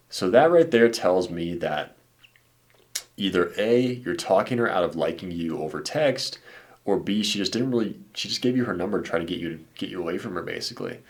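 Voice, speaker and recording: A man with a very low voice gives blunt, laid-back dating advice in casual commentary. He talks like he's chatting with a buddy, dropping "dude" and "man" and the odd curse word. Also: lively intonation, moderate pace. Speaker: dating coach. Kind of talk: casual commentary reacting to viewer messages.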